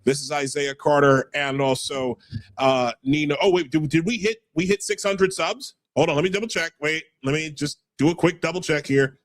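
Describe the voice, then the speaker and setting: New york man, livestream host, brash, stammering, fairly high voice, dry close mic. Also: normal speed, no echo. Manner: stammering, brash, reads chat aloud. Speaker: podcast host. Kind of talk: casual livestream chat.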